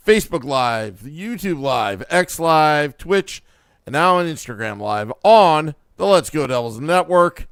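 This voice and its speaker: A man's voice: on the high side, lively intonation, unhurried, vocal fry, a bit bright, smooth, dry recording, studio quality. A man hosting a late-night sports podcast, opening the show with playful, grand announcer patter. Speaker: podcast host. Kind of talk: mock-grand broadcast intro.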